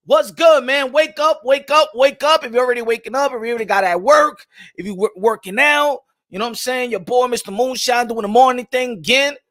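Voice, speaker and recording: Street slang and Spanish phrases fill the banter of a young man hosting a lively boxing morning show on a live stream. He's brisk, shouty and hyped, with an extremely high pitch.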